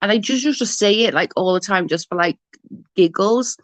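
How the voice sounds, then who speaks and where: A woman's voice: medium pitch, moderate pace, no echo. Woman, 40s, rambling and giggly, livestream chat, dry sound. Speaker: livestream host. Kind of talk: casual chat with viewers.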